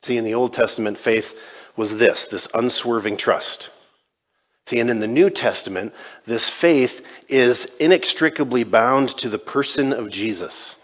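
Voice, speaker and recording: A man's voice: medium pitch, measured pace. A male pastor preaching a sermon in a conversational way, retelling scenes and voicing quoted dialogue. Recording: long reverb in a large church.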